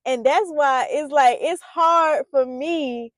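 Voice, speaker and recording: Earnest higher-voiced woman, dry sound. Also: slow pace, no room sound. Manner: earnest and heartfelt, loose with many fillers and restarts; grows emphatic and loud when making her points. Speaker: poet and parenting vlogger. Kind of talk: reflective monologue to camera.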